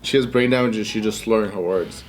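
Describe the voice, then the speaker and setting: A man's voice: fairly low pitch, quick pace, soft background music, rough recording. A man chiming in with dry, crude jokes as a co-host in casual chat.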